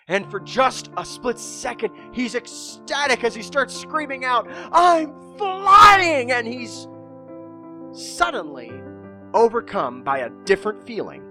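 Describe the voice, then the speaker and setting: Animated male storyteller. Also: sits high. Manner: animated, acts out the characters. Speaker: podcast host and speaker. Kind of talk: storytelling motivational talk.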